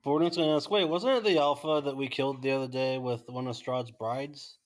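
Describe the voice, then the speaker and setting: A man at a tabletop game table, mid-pitched and casual, chiming in with questions about what his character can do. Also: steady tone, brisk. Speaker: player.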